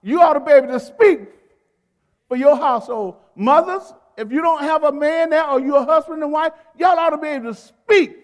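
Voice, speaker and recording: Male pastor, very high voice, call-and-response sermon with emphatic stresses, long hall reverb. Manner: call-and-response preaching, urging the congregation to repeat words; emphatic, drawn-out stresses on key phrases. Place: church sanctuary.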